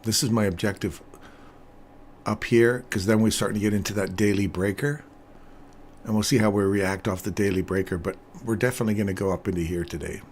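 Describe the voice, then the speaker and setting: Commenting on charts during his live trading stream, an older man chats easily with viewers, laughing often and livening up when telling stories. His voice is on the low side and a little fast, with slight background noise behind it.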